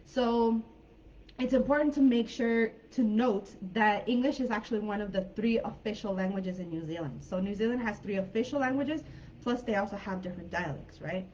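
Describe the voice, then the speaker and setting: A woman's voice: medium pitch, normal speed, darkish tone, muffled recording, a little hiss or hum. An American woman from California teaching a live online English class in a chatty, informal way, with many fillers and hedges. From California, United States.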